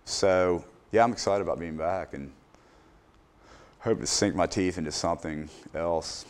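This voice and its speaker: Very low-pitched man, middle-aged, hesitant, interview guest. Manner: unhurried, hesitant, many fillers and restarts. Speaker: business owner, interview guest. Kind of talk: casual interview answers.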